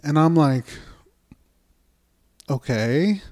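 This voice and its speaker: A man's voice: fairly high pitch, expressive, drawn-out words, a little mellow. Profane young man telling a story. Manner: profane storyteller, acts out his own quotes. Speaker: podcast co-host. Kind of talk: casual chat.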